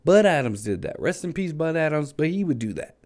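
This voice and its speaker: A man's voice: fairly high pitch, sing-song, brisk, darkish tone. A man delivering a passionate, frustrated solo opinion rant as a sports vlogger, hammering his points with repetition.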